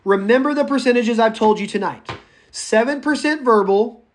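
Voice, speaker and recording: A man teaching a public speaking class, lecturing live in a chatty, animated way, talking to students by name and going off on tangents. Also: very high voice, moderate pace, a little hiss or hum. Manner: goes off on tangents.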